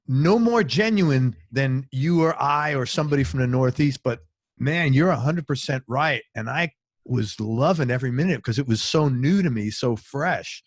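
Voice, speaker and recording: A man's voice: medium pitch, no echo. Dry-sounding man hosting an interview. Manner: enthusiastic, affirming listener. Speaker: interview host. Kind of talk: casual interview chat.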